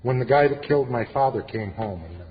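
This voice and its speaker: A man's voice: mid-range voice, expressive, quick pace. A middle-aged man speaking at a recovery meeting, telling his personal story earnestly with flashes of dry humor. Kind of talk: personal testimony talk. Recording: echoey hall, dull lo-fi sound with faint hiss.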